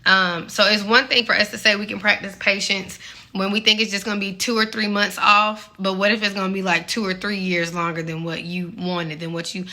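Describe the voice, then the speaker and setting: A woman's voice: mid-range voice, level tone, brisk, pushed and bright. A woman in her late twenties, a little out of breath, talking candidly and earnestly to her viewers about faith and patience. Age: 20s. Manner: candid, earnest, encouraging, many "like" fillers. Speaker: faith vlogger. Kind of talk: casual faith talk to viewers.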